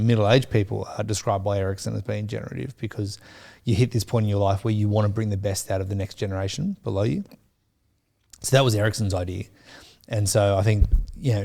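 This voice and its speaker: A middle-aged man co-hosting a church podcast, thinking aloud in a slow, hesitant way with many fillers. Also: on the low side, vocal fry, a little mellow. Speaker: podcast co-host. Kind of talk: reflective podcast chat.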